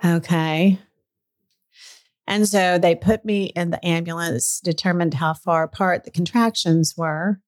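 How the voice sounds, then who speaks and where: A woman's voice: lowish voice, fairly even intonation, unhurried. A middle-aged woman telling a personal story in a candid, chatty way, sometimes getting emotional. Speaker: podcast guest. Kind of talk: casual storytelling chat.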